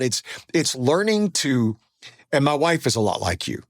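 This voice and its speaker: Animated male podcast host, dry sound. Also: fairly high pitch, measured pace, no echo. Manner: animated, self-deprecating, acts out quoted voices. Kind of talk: casual conversational storytelling.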